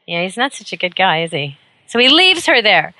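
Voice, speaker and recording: A woman's voice: medium pitch, very animated, fairly quick, sharp tone, no echo. A woman hosting a talk radio show, telling a story in an emphatic, opinionated monologue.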